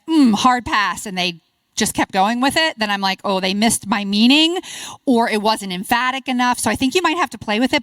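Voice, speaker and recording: A middle-aged woman presenting at a conference workshop, upbeat and encouraging, quick to praise the audience's answers. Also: on the high side, a bit bright, no echo. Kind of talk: interactive workshop talk.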